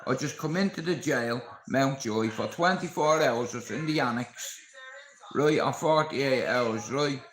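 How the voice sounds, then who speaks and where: A man's voice: mid-range voice, a little slow, echoey room, low-quality recording. A man with a Dublin accent, a live streamer telling his viewers a story in a blunt, casual way, swearing freely. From Ireland. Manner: blunt, heavy swearing, lively retelling.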